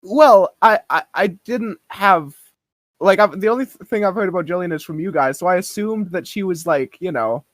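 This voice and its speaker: A man's voice: sits high, normal speed, no room sound. A man co-hosting a podcast in casual chat, playful and rambling, laughing often. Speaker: podcast co-host.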